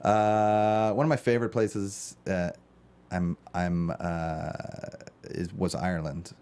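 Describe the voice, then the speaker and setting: A man's voice: low-pitched, flat delivery, takes it slowly, a little mellow, clean tone. A man from Chicago, an actor as a guest, chatting casually in a studio interview and telling rambling, jokey stories.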